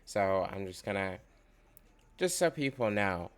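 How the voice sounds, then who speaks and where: A man's voice: low-pitched, expressive, measured pace. Profane ranting man. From United States. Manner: profane, rambling, fired up. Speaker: commentator reacting to a video. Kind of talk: casual ranting commentary.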